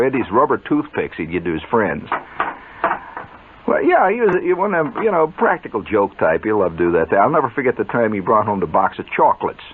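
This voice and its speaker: A man telling a rambling comic story in a chatty, digressive way, with excited yelps rising up as he builds. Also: on the low side. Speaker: radio storyteller. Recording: tinny narrow-band old recording, faint hiss.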